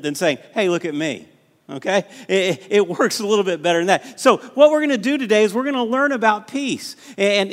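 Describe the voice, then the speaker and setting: A man's voice: sits high, a bit bright. A middle-aged man preaching a sermon as a pastor, often repeating words and calling on the congregation to respond. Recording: reverberant church hall.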